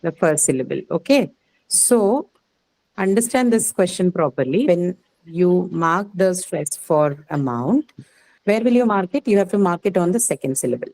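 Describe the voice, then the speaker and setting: A woman teaching word stress to a class, repeating each word slowly and quizzing her students patiently. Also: lowish voice, expressive, darkish tone, no echo, low-quality recording. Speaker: English teacher.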